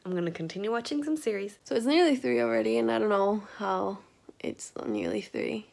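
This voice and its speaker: A woman's voice: a little high, quick pace, gravelly, darkish tone. A tired young woman vlogging late at night in her bedroom, chatting casually to the camera held at arm's length, rambling and giggling and often dropping into whispers. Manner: giggly, rambling, self-mocking, drops into whispers.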